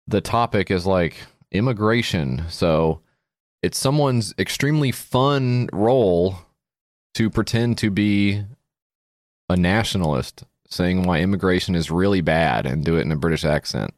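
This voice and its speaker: Male podcast cohost, very low voice, dry close sound, sarcastic and crude. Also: unhurried, dry recording. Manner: sarcastic, crude, reviewing a party game. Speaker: podcast co-host. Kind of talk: comedy podcast chat.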